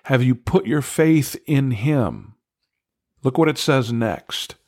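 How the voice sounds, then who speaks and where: A man's voice: mid-range voice, lively intonation, slow, darkish tone, no echo. A man giving a devotional Bible lesson, taking his time over each phrase and stressing the words he wants remembered. His voice sits in an ordinary middle register. The sound is dry and close, with no room around it. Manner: earnest, emphatic on key words, asks listeners directly. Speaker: Bible teacher.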